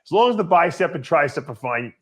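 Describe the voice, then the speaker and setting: A man's voice: a little high, lively intonation, fast talker. A male host chatting casually, teasing a guest with blunt remarks. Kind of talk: casual chat.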